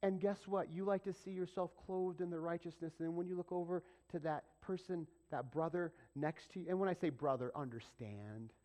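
A man preaching a sermon as pastor, swinging between loud, emphatic peaks and hushed whispers. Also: a little high, moderate pace, few pauses.

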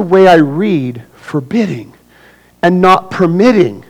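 Animated pastor preaching, loud then hushed. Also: male voice, a little slow, low-quality recording. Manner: animated, acts out scenes with sudden loud bursts; drops to a hushed low voice for serious points. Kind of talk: sermon.

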